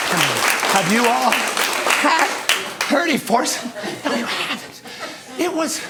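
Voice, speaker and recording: A man telling a comic story on stage, animated and shouting his punchlines. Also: on the high side, heavy background noise. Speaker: solo storyteller comedian. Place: theater stage, live audience. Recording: live show with loud audience laughter.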